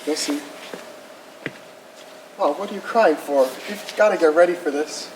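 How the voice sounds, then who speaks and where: A young actor playing a nervous young bridegroom, earnest and stammering on stage. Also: male voice, fairly high pitch, a little slow, slight background noise, lightly acted, low-quality recording. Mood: pleading. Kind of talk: live stage acting.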